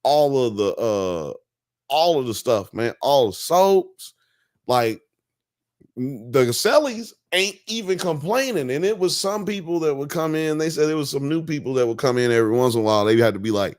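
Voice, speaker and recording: Animated man hosting a live show. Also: mid-range voice, normal speed, no room sound, clean studio sound. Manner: animated, slangy, joking. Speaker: podcast host. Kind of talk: casual live-stream chat.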